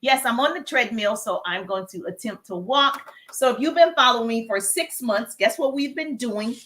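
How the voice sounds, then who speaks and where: A woman's voice: a little high, normal speed, a bit bright. A woman with a Southern US accent hosts a live business Q&A stream, greeting viewers in the chat with upbeat energy while walking on a treadmill and getting over a cough. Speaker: livestream host, business coach.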